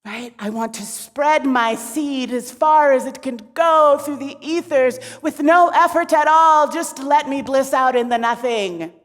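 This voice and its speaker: A woman voicing a blissed-out, lazy male god who talks in a slow, hushed, dreamy way. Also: lowish voice, fairly even intonation, long reverb tail, voice pushed down. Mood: annoyed.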